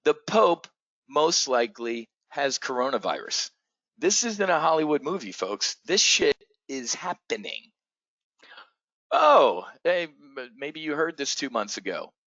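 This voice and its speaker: A man hosting a live trading stream, talking bluntly and profanely with frequent stammered restarts and excitable outbursts. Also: on the high side, unhurried, no echo, muffled recording. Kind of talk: unscripted live stream talk.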